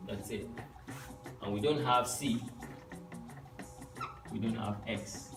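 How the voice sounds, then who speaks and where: A man teaching a Yoruba class, quizzing his students in an animated way and swooping up on key words. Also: on the low side, slow. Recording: echoey room, distant mic, faint music.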